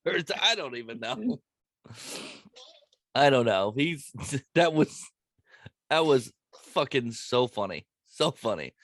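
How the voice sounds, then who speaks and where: A young man hosts a podcast in a casual chat, telling stories with lots of laughter and swearing. His voice sits a little high and swings widely in pitch. The sound is dry and close. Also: unhurried, long pauses, dry recording. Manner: animated storyteller, swearing, laughing often. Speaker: podcast host.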